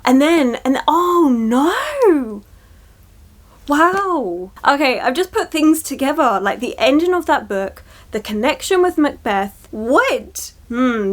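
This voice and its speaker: Woman book vlogger rambling excitedly, kinda tired, voice on the higher side. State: tired from early shifts. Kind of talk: casual reading vlog chat.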